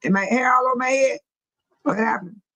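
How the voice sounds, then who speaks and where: A woman's voice: high voice, fairly quick, bright, forceful tone, no echo, rough recording. An older woman hosting a casual livestream, chatting with her commenters and laughing often. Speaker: livestream host reading chat.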